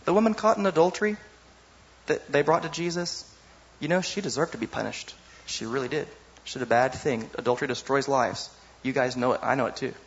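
A man preaching a sermon in a lively, conversational way, often asking the audience "you know?". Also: mid-range voice, brisk, highs cut off.

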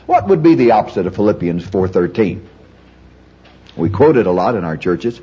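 A man's voice: lowish voice, sing-song, normal speed, mellow, slightly rough. A man preaching a teaching sermon on Bible study, emphatic and repetitive, shifting the stress from word to word. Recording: dull lo-fi recording.

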